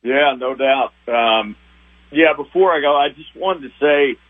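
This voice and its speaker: An older man, a retiring TV sports director, reminiscing with emotion in a rambling, halting way. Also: mid-range voice. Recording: tinny phone line.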